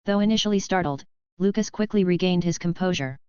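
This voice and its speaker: A woman narrates a web novel audiobook in a steady, even manner. Her voice sits low and sounds very smooth and clear. The recording is dry, with a slightly dull, lo-fi tone. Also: a little fast, no echo.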